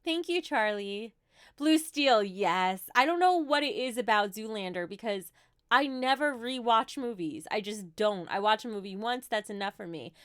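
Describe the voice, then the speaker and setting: A woman's voice: on the high side, animated, moderate pace, clean tone, dry recording, clean studio sound. A woman in her thirties with a New Jersey accent, chatting casually on a livestream as she answers viewer questions with light laughs. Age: 30s.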